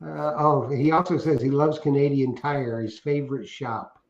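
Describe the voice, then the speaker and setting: A man's voice: mid-range voice, steady tone, normal speed. A middle-aged man co-hosting a casual livestream, reading out viewer comments and rambling through jokey stories that he laughs at himself. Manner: joking, rambling, laughs at his own stories. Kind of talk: casual chat. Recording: roomy, dull lo-fi stream audio.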